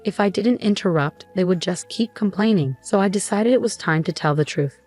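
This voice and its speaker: A woman narrating a personal drama story in the first person, in an even, steady way. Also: mid-range voice, brisk, soft background music.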